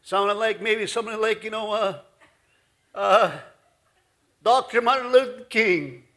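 A man's voice: high voice, unhurried, sharp tone. A man pastor giving a folksy, rambling sermon in his church, full of asides. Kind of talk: conversational sermon.

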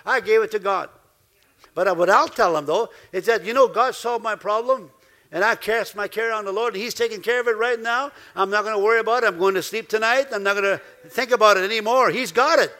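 A man preaching a sermon as pastor, lively, laughing now and then and acting out the voices he quotes. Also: high voice, brisk.

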